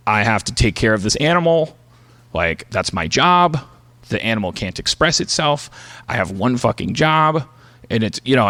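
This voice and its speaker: Man, comedy podcast host, profane rant, stammering restarts, bright tone. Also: medium pitch.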